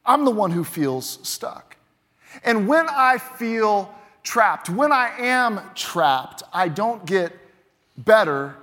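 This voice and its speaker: A higher-pitched man preaches from the pulpit, leaning hard into key words and then dropping to a hush. His voice rings out through the long reverb of a large church hall. Each point lands with insistent emphasis. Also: sing-song, slow. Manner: emphatic, swings between loud punches and quiet drops. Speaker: pastor. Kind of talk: sermon.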